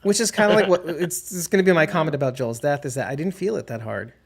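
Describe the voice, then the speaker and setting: A man's voice: a little high, fast. A man hosting a casual podcast, rambling and correcting himself as he goes and laughing often. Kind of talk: casual chat.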